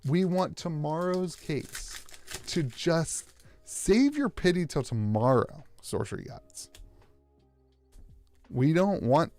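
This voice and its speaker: A man's voice: a little high, animated, takes it slowly, pauses often, darkish tone, faint music behind. An American man streaming live as he opens card packs, rambling with sarcastic, self-mocking banter.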